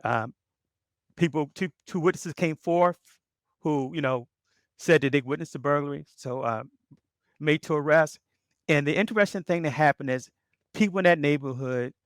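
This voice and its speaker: A middle-aged man from Baltimore tells stories from his years on the police force in a fairly high voice. He brings each scene to life by playing the people he quotes. The recording is close and dry, with no room sound. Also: no echo. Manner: animated storyteller who acts out quoted voices. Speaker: guest, author and former police officer. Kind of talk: storytelling in a podcast interview.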